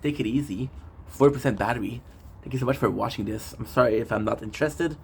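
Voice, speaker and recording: A man's voice: medium pitch, fast, gravelly, breathy edge. A man casually recapping a show episode on his phone, rambling with many fillers and restarts and swearing often.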